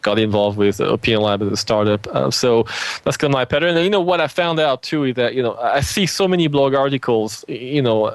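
A man with a French accent speaks in a casual interview, eager and loose, leaning on "you know" as he goes. His voice sits mid-pitch, and the sound is dry and close, with no room around it. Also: fairly quick, no room sound. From France. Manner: lots of "you know" fillers, enthusiastic. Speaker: interview guest. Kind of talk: casual conversation. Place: home, Alabama.

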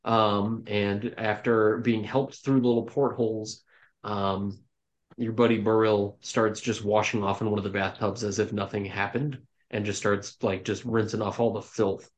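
A man running a tabletop game as dungeon master, narrating in a loose, relaxed way full of ums and restarts. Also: fairly low pitch, normal speed. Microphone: home microphone on an online call.

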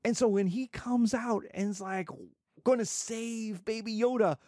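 A man in his fifties giving a classroom lecture, animated and jokey, with digressions along the way. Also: high-pitched, a little slow, dry recording, studio quality. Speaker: teacher.

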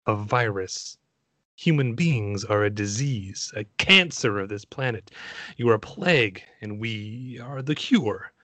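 A cold, contemptuous male machine agent, put on by a man doing a film impression, drawling each word slowly and deliberately in a put-on Australian-New Zealand accent. The voice sits lower than his usual speech, bright and edged. It is recorded dry and close, with no room sound. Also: expressive, no room sound. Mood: cold contempt. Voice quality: slow, measured, icy delivery. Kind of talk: dramatic film-monologue impression.

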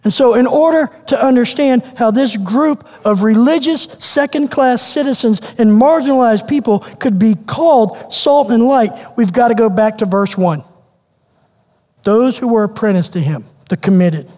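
A man preaching a sermon as pastor, animated and questioning, repeating phrases for emphasis. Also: extremely high pitch, normal speed. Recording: long hall reverb.

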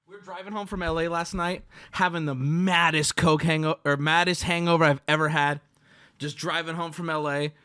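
A man hosting a stream, telling a crude story in a loud, animated rant and acting out the other people in it. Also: a little high, fairly quick. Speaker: streamer host.

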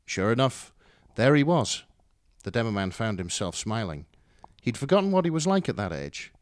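A man's voice: mid-range voice, very animated, normal speed, no echo. A man reading a fan story aloud with dramatic, wry narration. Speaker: story reader. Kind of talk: expressive fan fiction reading.

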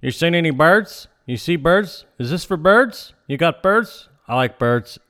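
A man's voice: a little high, lively intonation, a little slow, fairly bright tone, voice pushed up. A man voicing a chatty cowboy clerk who keeps repeating the same question. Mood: pestering.

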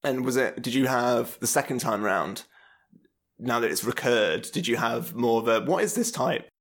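A man's voice: medium pitch, fairly even intonation, normal speed, fairly bright tone. A man hosting a podcast, asking hesitant questions and humming along as his guest talks. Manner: hesitant questioning with frequent backchannel hums. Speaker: podcast host. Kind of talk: casual interview chat.

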